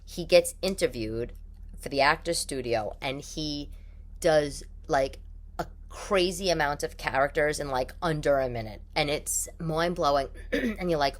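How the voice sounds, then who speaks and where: A woman's voice: sits low, expressive, measured pace. A woman with a New York accent hosting a casual solo podcast from her living room, rambling and chatty with lots of fillers and easy laughter. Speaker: podcast host.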